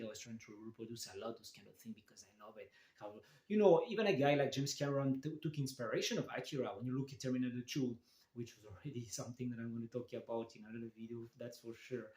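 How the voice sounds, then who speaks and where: A man's voice: mid-range voice, dark tone. Enthusiastic man in an echoey room. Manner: enthusiastic, halting, many restarts and fillers. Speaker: manga reviewer. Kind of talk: casual video review.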